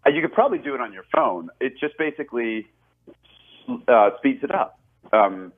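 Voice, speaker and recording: A man's voice: mid-range voice, animated, moderate pace. A man in his forties, a guest actor chatting in an interview, rambling and self-deprecating with lots of restarts and laughs. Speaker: actor and film director, guest. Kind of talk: casual interview over a phone line. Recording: tinny phone line.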